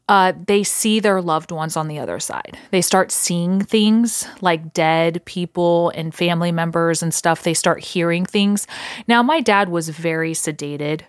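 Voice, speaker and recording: A woman's voice: lowish voice, no echo, clean studio sound. A woman hosting a podcast, casually telling a ghost story in a rambling way with lots of fillers and restarts. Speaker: podcast host.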